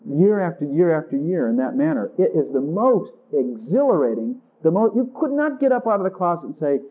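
Very animated, a little fast, and with a breathy edge, a man preaches in an intimate way. He acts out dialogues with Jesus in a higher voice, heard through tinny, phone-like sound.

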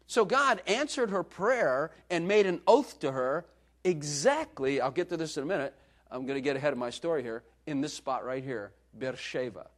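Lively, joking male preacher. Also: fairly high pitch, moderate pace. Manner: joking, conversational, laughs often. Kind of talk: sermon.

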